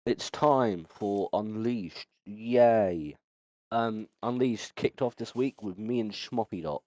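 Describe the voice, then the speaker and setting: Rambling man, low voice. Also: slow, darkish tone, no room sound. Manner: rambling, stumbling, lots of ums and restarts. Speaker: podcast host. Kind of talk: casual chat.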